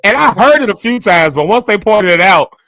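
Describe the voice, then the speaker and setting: A man's voice: sits high, sing-song, brisk, bright, forceful tone. Joking man hosting a live chat. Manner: playful, joking, colloquial. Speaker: host of a live morning show. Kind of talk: casual chat.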